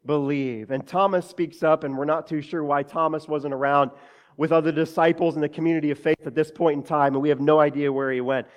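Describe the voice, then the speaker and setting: A man preaching, his voice sitting a little high for a man. He keeps the sermon conversational, turning to the congregation as church and slipping in joking asides between Bible passages. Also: flat delivery, fairly quick. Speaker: pastor.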